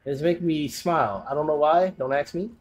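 A man's voice: on the high side, brisk. A man giving let's-play commentary, complaining aloud in exasperation as he plays. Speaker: gamer.

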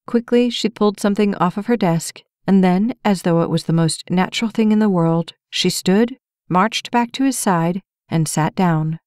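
A woman narrating a romance audiobook with even, measured storytelling. Her voice sits a little low. The sound is close and dry, with no room in it. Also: no room sound. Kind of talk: scripted narration.

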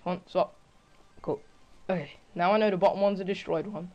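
Casual let's-play gamer voice, mid-pitched, talking to themselves and yelping at every mistake. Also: fairly even intonation, a little fast, darkish tone, highs cut off, faint music behind. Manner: talks to self, frequent exclamations and groans. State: frustrated. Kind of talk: casual gameplay commentary.

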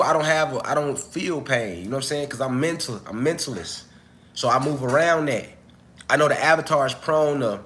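A man's voice: medium pitch, a bit bright, a little hiss or hum. A man hosting a casual livestream, coughing as he recovers from an illness, talking loosely and profanely straight to his viewers. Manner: loose, profane, chatty, addresses viewers directly. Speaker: livestream host.

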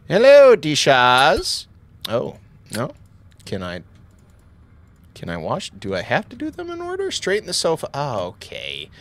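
A man's voice: mid-range voice, huge pitch swings, moderate pace, long pauses, fairly bright tone. A man hosting a let's play, commenting on a horror game from home, joking and jumpy, yelping and laughing at the scares.

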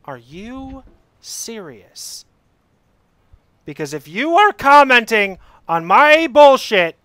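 A young man giving let's play commentary, exasperated and swearing as he yells at the game he is playing. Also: sits high, smooth, no room sound. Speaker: gamer playing a climbing game.

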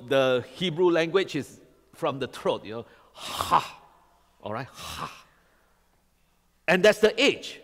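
An animated male pastor preaching in a church hall, his fairly high voice trailing off into a long reverb. He keeps checking in with the congregation and tossing questions back to them. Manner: animated, quizzes the congregation with repeated "all right?". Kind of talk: sermon.

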